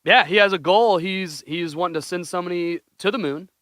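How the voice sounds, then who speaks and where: A young man co-hosting a casual podcast chat, excitable, laughing often and swearing casually. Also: high-pitched, a little fast, no echo, clean studio sound. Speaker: podcast co-host.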